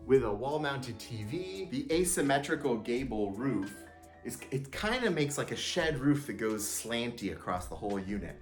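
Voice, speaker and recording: A man from Louisiana giving a casual walkthrough tour, upbeat and jokey, chatting with small restarts. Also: on the low side. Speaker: vlogger touring a backyard unit. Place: small unit indoors and out, backyard.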